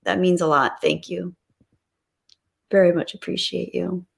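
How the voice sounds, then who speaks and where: A woman's voice: fairly low pitch, flat delivery, unhurried, vocal fry. A woman hosting a live stream, chatting casually and reading out viewer messages, gushing with thanks and giggling often.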